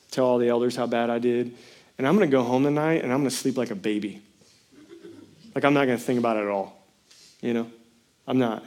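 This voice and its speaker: A pastor in his thirties preaches in a loose, chatty way and mixes jokes into scripture. His voice has a medium pitch and he often jumps up into loud, excited outbursts. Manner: animated, jokey storytelling with sudden loud bursts. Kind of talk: sermon.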